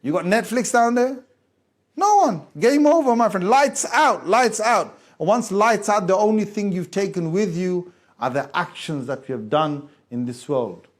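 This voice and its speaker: A man preaching a dramatic sermon to a gathering, urging listeners to picture their own death and dropping low before rising to sharp exclamations. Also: moderate pace, hardly any pauses. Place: mosque hall before a gathering.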